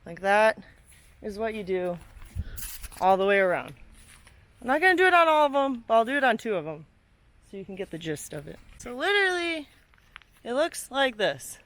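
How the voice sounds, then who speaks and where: A woman's voice: a little high, big pitch swings, moderate pace, long pauses, a bit bright. A young woman talking casually in a solo tutorial vlog outdoors by her car, chatty and self-deprecating, a little out of breath as she works and films herself. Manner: chatty, self-deprecating, swears and laughs while working. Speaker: vlogger. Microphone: handheld camera, moving off frame.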